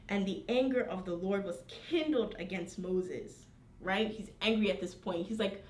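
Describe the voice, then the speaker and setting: A woman's voice: medium pitch, measured pace, a little mellow. A woman leading an informal Bible study in a conversational way, reading verses aloud and checking in with her listeners. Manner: conversational, frequent tag questions, reads scripture aloud. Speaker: Bible teacher. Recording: roomy, distant mic.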